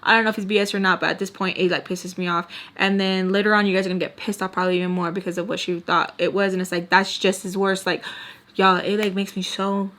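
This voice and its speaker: A woman's voice: medium pitch, flat delivery, fast, fairly bright tone. Heated young woman telling a story. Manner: heated, profane, rambling with many fillers. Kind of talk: casual storytime.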